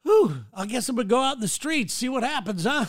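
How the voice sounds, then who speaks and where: A man's voice: extremely high pitch, big pitch swings, a little fast. A man hosting his own podcast, talking alone in a blunt, rambling way and swearing freely. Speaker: podcast host. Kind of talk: casual solo monologue. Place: city.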